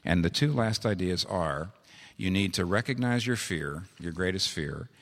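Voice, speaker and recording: Male preacher, low voice, earnest sermon building to urgent appeals, long church reverb. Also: lively intonation, moderate pace, a bit bright. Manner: earnest, rising to urgent exhortation.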